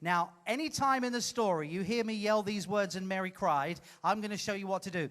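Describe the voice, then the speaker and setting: A man hosting a live comedy show, teasing an audience member in a playful, loud way. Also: sits high, brisk. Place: cruise ship theater stage.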